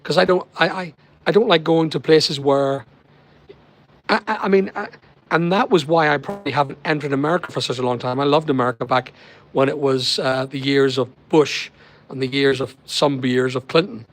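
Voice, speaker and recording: A man's voice: mid-range voice, fairly even intonation, normal speed. A man with a Northern Irish accent, hosting a casual live stream and chatting with viewers by name in a rambling way. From Northern Ireland. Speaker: livestream host. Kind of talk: casual live chat reading viewer comments.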